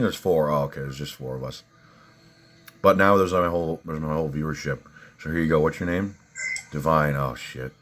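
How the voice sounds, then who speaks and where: A man ranting on a livestream while reading viewer comments, cursing, bursting into loud outrage and then muttering. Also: extremely low pitch, fairly quick. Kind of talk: profane ranting livestream chat.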